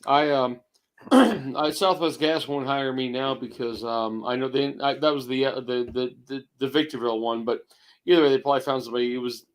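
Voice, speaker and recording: A man in his fifties co-hosting a casual chat, gruff and rambling, with restarts and swearing. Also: medium pitch, fairly quick. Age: 50s. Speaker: co-host.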